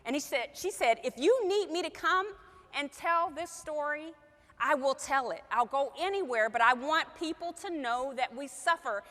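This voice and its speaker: A woman's voice: high-pitched, fairly bright tone, in a large hall. A woman telling an emotional story to a group as a sales trainer, acting out the quoted dialogue.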